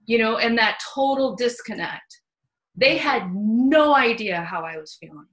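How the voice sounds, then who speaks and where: Bright-voiced woman hosting a candid chat. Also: fairly high pitch, measured pace, rough recording. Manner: animated, candid, salty storytelling. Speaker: host. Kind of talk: casual chat.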